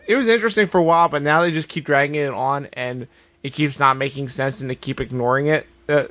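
A man's voice: mid-range voice, fast talker, pushed and bright, dry recording. Dry-sounding man riffing on wrestling. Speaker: podcast co-host. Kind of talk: casual wrestling chat.

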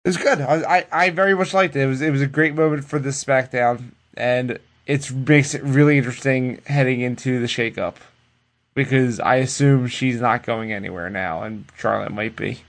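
A man co-hosting a casual podcast, retelling wrestling in a loose, profane, animated way. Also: medium pitch, normal speed. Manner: animated, profane storytelling that acts out the people it quotes. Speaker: podcast co-host recapping wrestling. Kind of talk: casual chat.

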